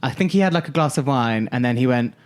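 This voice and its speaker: A man co-hosting a podcast, telling anecdotes in a lively, chatty way and acting out other people's lines. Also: medium pitch, quick pace. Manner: animated storyteller, acts out lines in quotes. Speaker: podcast co-host. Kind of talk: casual chat.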